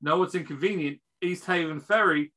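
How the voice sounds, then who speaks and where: A game master doing a gruff, evasive innkeeper. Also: medium pitch, moderate pace, bright, forceful tone, pitched above the performer's own voice, natural voice, poor audio. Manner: calls people "mate", stalls with "um". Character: rugged middle-aged male innkeeper, gruff and evasive. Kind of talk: tabletop role-play voice.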